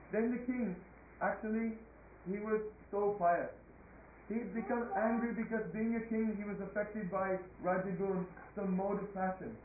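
A man calmly retelling a religious tale to listeners in plain words. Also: high voice, a little hiss or hum. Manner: plain, unhurried retelling with fillers. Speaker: storyteller. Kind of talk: religious story narration. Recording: tinny phone-like line, echoey room.

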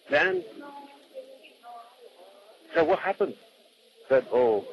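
A man's voice: medium pitch, expressive, brisk, muffled recording. A man telling a devotional story off the cuff, often repeating words and acting out what the people in it said. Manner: unscripted, repeats words, acts out quotes.

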